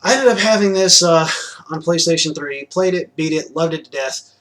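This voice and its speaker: A man's voice: fairly high pitch, moderate pace, a bit bright, rough recording. A young man rambling casually about games he just bought, with lots of fillers, restarts and the odd swear word. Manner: loose and chatty, many fillers, restarts and "to be quite honest", casual swearing. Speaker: gaming vlogger showing new purchases. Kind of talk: rambling casual vlog chat.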